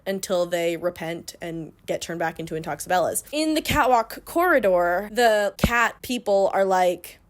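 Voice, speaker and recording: A woman's voice: on the low side, expressive, moderate pace, few pauses. A young woman hosting a book club channel, giving a sarcastic, chatty recap full of "like". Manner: sarcastic, chatty, heavy use of "like". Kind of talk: casual comedic book recap.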